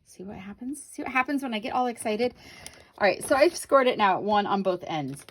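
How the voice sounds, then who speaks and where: A woman's voice: medium pitch, lively intonation, a little fast, slight background noise. A woman demonstrating a paper craft on camera, chatting with viewers and correcting herself as she works. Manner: chatty, talks to viewers while working, self-correcting. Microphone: camera on the craft table.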